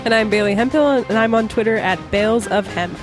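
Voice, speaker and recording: A woman's voice: fairly high pitch, brisk, over music. A woman co-hosting a casual pop-culture podcast. She talks in a giggly, playful way. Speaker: podcast co-host. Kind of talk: casual chat.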